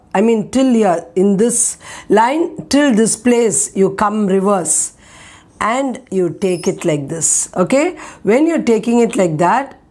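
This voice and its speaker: A woman teaching a language lesson, patiently repeating words and checking in with "okay?". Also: mid-range voice. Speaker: Hindi teacher. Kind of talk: slow explanatory lesson.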